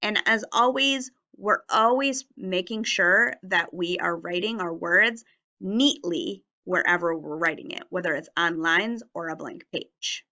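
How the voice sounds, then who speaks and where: A woman teacher leading a children's writing lesson on video, speaking slowly and enunciating words carefully so young learners can follow. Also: lowish voice, pushed and bright, highs cut off. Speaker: elementary teacher.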